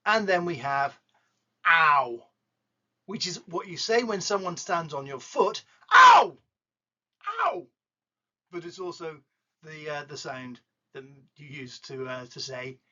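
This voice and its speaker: In lo-fi sound, a teacher with an English accent leads a playful pronunciation lesson, joking along the way and exaggerating vowels to demonstrate them. The voice is mid-range with a sharp tone.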